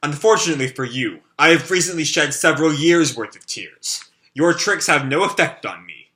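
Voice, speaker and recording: A man reads the part of a proud, haughty young swordswoman. She sounds scornful of every trick used on her. The voice is bright and a little high. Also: lively intonation, moderate pace.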